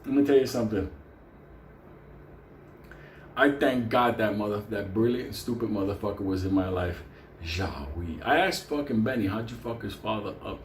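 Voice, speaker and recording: With a fairly low voice at a moderate pace, pausing often, a middle-aged man spins a crude, rambling yarn. He swears constantly and laughs a lot, and a faint hum and roomy echo sit in the recording.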